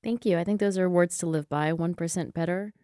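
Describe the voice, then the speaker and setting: A woman psychologist and author being interviewed, speaking in an earnest, thoughtful way with quick restarts. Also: on the low side, mellow, no room sound, clean studio sound. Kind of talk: interview conversation.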